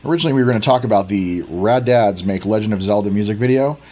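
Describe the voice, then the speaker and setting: A man's voice: fairly low pitch, fast talker, darkish tone. A man co-hosting a casual podcast, rambling and joking at his own expense. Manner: rambling, self-deprecating, many restarts. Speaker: podcast co-host.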